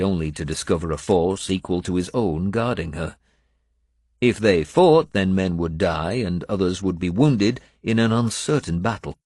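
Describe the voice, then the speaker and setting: A man reading a first-person adventure story aloud in a measured storytelling manner. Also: low voice, darkish tone, no room sound, clean studio sound. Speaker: audiobook narrator. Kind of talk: first-person scripted narration.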